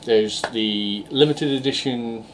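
A man's voice: medium pitch, slow pace, a little hiss or hum. A young English man co-hosting a casual game podcast, rambling with fillers and restarts. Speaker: podcast co-host reviewing games.

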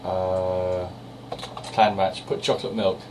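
A man's voice: low voice, level tone, slow pace. A man, co-hosting a casual podcast chat, telling stories and laughing often. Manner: chatty storyteller, laughs often. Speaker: podcast co-host. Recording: distant mic with faint hiss.

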